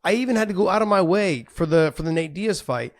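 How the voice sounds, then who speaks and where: A man co-hosts a fight podcast in loose, casual chat. He tells stories with lots of energy and swears freely. His voice sits a little high. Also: fast talker. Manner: animated storyteller, swears freely. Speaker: podcast co-host, former fighter.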